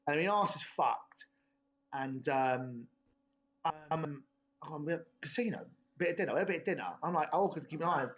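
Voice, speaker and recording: A man's voice: on the high side, moderate pace, a bit bright. A young man, telling a rambling, sweary story in laddish podcast chat. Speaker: podcast host. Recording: dull lo-fi podcast audio.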